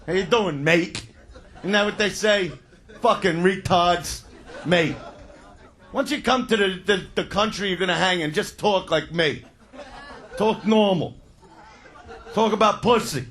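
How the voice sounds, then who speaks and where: A man doing crude, loud stand-up comedy, shouting his punchlines. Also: high-pitched, measured pace, some chatter behind. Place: comedy stage before a live audience.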